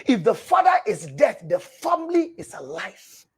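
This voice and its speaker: Husky-voiced preachy male counselor. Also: sits high, wildly swooping pitch, measured pace. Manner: preachy, emphatic, repeats phrases for stress; addresses listeners as "my dear". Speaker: relationship counselor. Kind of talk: live show reading viewer messages.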